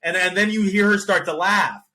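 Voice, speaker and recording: A man's voice: sits high, moderate pace, slight background noise. A man co-hosting a podcast, telling funny stories in casual chat and laughing often. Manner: joking, animated storyteller who laughs often. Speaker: podcast co-host.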